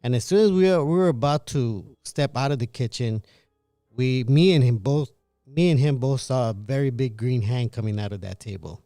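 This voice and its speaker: Man, mellow voice, halting storytelling, many restarts, dry close sound. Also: mid-range voice, no echo, soft background music. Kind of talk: casual storytelling.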